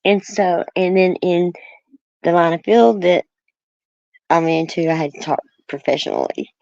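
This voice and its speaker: A woman's voice: lowish voice, unhurried, vocal fry, darkish tone, no room sound, lo-fi sound. A woman from Oklahoma with a country accent, chatting casually as a guest and rambling through many fillers and restarts. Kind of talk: casual chat.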